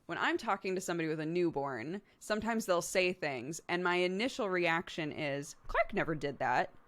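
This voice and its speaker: A woman's voice: lowish voice, animated, moderate pace, a bit bright. A woman in her thirties hosting a live stream, chatting casually with viewers and laughing often as she tells stories about her toddler. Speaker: streamer host.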